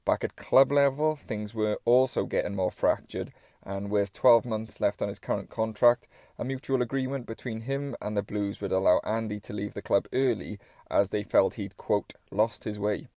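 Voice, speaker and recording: A man reads a sports documentary script with measured, wry commentary. His voice is low and mellow. The recording is dry, with no room sound. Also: steady tone, dry recording. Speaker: documentary narrator.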